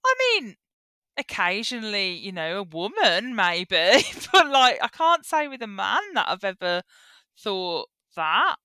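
A woman's voice: mid-range voice, very animated, a little slow, pushed and bright, clean tone, dry recording. A woman guest co-hosting a podcast in casual chat, giggling often and chiming in with short agreeing replies. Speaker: guest co-host.

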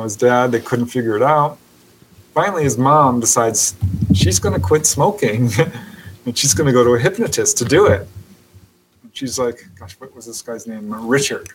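A man's voice: mid-range voice, slight background noise, poor audio. Guy on a podcast telling a story, acts out the people, laughs a lot, medium voice. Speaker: guest, author on UFO encounters. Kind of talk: animated storytelling in a podcast interview.

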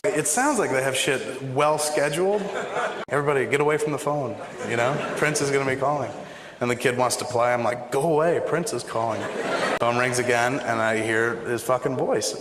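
A man telling a long profane anecdote to a live audience, acting out both sides of a phone call. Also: mid-range voice. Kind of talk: animated live storytelling. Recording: echoey hall with faint ambience.

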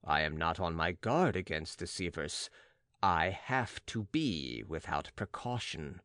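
A stern prophet-sage , read by a man, with a deep, low voice that still rises and falls expressively. He declaims gravely and unhurriedly in archaic phrasing, recorded dry and close. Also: expressive, measured pace, bright, forceful tone, dry recording, heavily acted. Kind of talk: audiobook dramatic reading.

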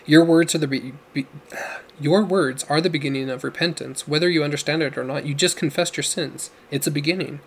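A man voicing a young male missionary who speaks in a calm, consoling way. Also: on the high side, fairly quick, a little hiss or hum, close to an everyday voice.

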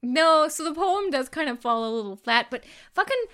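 A woman's voice: high-pitched, lively intonation, moderate pace, a bit bright. A woman co-hosting a casual podcast, giving enthusiastic, opinionated takes on movies and swearing casually. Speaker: podcast co-host. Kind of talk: casual movie review chat.

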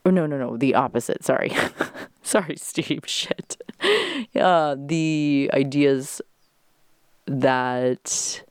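Podcast host from Southern California, fast, gushing, dry close-mic sound. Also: mid-range voice, clear, resonant tone, no echo. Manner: fast, gushing, sprinkled with swearing and laughter. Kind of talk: casual solo podcast chat.

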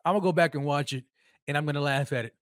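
Male sports podcast host, high voice, dry close sound, mocking heated rant full of repeats. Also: fast talker, no echo. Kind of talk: solo sports commentary rant.

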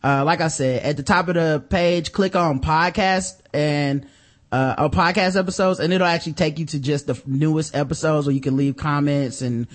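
A man's voice: on the high side, fairly even intonation. A man hosting a podcast, chatting casually, reading a sponsor spot and plugging his site with loose, joking asides. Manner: loose, joking, shifts between fast asides and drawn-out hype. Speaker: podcast host.

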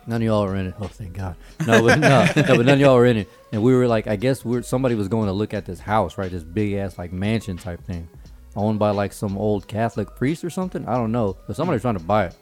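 A man with a lower voice tells a story in a loose, joking way, swearing freely and teasing his friends as he goes. Faint music sits behind him. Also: fast. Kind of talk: casual storytelling chat.

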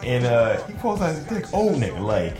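Animated man telling crude stories. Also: medium pitch, moderate pace, echoey room, music in the background. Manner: animated storytelling with lots of impressions. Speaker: podcast co-host. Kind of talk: casual explicit podcast banter.

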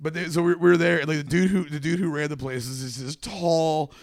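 A man's voice: on the high side, steady tone, brisk, no echo, clean studio sound. A man who works as a comedian, a guest chatting on a podcast, telling rambling stories full of "like" and swearing. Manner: rambling storyteller, lots of "like" and swearing. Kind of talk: casual podcast chat.

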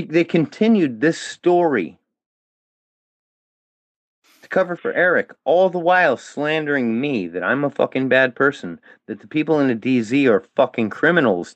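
A man in a full-blown angry rant, swearing constantly and hurling challenges at the people he blames, his pitch swinging widely from lows to sharp highs. The sound is dry and dull, like a muffled lo-fi recording. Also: dry recording. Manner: heated, profane, confrontational. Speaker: guest, former fan of a comedian. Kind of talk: angry monologue addressed at critics.

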